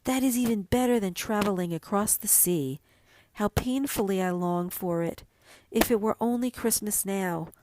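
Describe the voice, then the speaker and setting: A woman's voice: medium pitch, moderate pace, noisy background, close to an everyday voice. A woman voicing a young fir tree who is restless and yearning, asking eager, pleading questions in a storybook reading.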